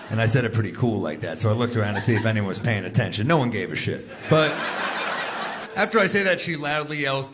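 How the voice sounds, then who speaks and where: A man in his thirties doing a stand-up set with dry, deadpan one-liners on a handheld stage mic. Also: medium pitch, brisk, background noise. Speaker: stand-up comedian.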